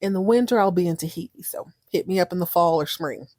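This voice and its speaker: A woman's voice: lowish voice, fast, a little mellow, no echo, clean studio sound, lightly acted. A woman voicing a bold businesswoman who taunts her rival in a smug, sassy way. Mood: breezy. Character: bold, breezy businesswoman cashing in on revenge.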